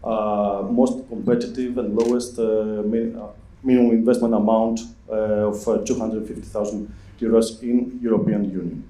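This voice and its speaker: A man speaking on a conference panel in a hesitant, halting way, with many fillers. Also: fairly low pitch, little pitch movement, dark tone. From Greece. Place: large conference hall. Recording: echoey hall, far from the mic.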